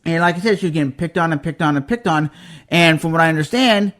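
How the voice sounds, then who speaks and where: A man's voice: a little high, quick pace, a bit bright. A young adult man hosting a podcast, telling a story in a casual, heated and emphatic way, acting out the quotes. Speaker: podcast host.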